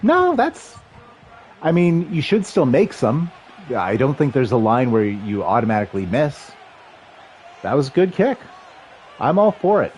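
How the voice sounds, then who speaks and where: A man in his thirties streaming a football video game, calling the plays and chatting with viewers in a rambling, excitable way. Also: mid-range voice, measured pace, pauses often, lo-fi sound, a little hiss or hum. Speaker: livestream gamer and commentator. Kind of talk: casual play-by-play chat with chat.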